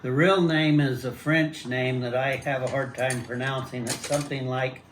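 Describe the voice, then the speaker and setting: A man's voice: medium pitch, fairly even intonation, normal speed, noisy background. An older man casually demonstrating how he cuts and prepares pumpkins at home, explaining plainly and restarting his sentences. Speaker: home gardener showing pumpkin prep.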